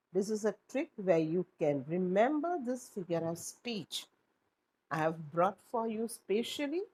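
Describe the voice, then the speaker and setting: Woman teacher, unhurried and a bit breathy, explaining with questions. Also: mid-range voice, darkish tone, rough recording. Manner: slow, explaining with rhetorical questions. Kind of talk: classroom lesson.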